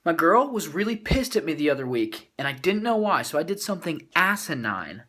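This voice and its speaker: A man's voice: fairly high pitch, very animated, fairly quick, pushed and bright. A man venting in a comedic vlog, mock-serious and dramatic with inflated vocabulary. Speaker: vlogger.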